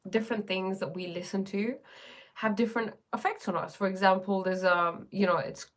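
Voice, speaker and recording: A woman's voice: mid-range voice, fairly even intonation, moderate pace. A woman chatting casually on a livestream, rambling with many fillers and reading viewer comments aloud. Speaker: livestream host.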